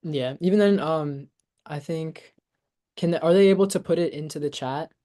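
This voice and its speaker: A teenage boy with a fairly high voice co-hosts an online session and gives upbeat, quick feedback. He keeps filling his talk with ums and likes. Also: dark tone. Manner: upbeat, quick, filler-heavy. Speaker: workshop presenter.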